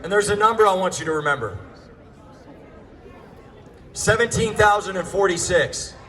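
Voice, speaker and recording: A man giving an impassioned speech to a crowd outdoors, fiery and sarcastic, often shouting through a megaphone. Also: high voice, expressive, normal speed. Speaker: rally speaker. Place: outdoors at a street protest.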